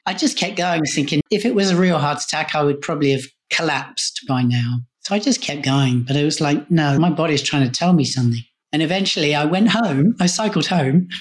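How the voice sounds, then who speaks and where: A man, a podcast guest and coach, recounting a personal story in a candid, conversational way. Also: on the high side. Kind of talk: casual storytelling.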